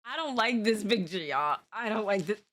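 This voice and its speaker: A woman streaming a reaction video, chatting casually with lots of slang and quick reactions. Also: mid-range voice, lively intonation, fairly bright tone. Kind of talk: casual chat.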